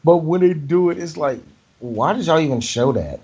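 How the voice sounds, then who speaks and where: A man's voice: fairly high pitch, expressive, moderate pace, muffled recording, over a noisy crowd. A man co-hosting a casual movie podcast, joking and swearing, laughing often. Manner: laughs often, profane, jokey impressions. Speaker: podcast co-host.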